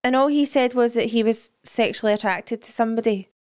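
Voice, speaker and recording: A woman's voice: fairly high pitch, a little fast, a little mellow, clean tone. A woman co-hosting a podcast, blunt and opinionated, swearing freely in casual chat. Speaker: podcast co-host.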